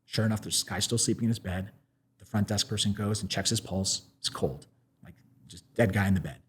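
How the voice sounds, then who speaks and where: A husky-voiced American man tells a story at a quick clip. He talks casually and animatedly, piling on fillers and restarting sentences as he goes. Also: on the low side. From United States. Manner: animated, full of "like" fillers and restarts, laughs often.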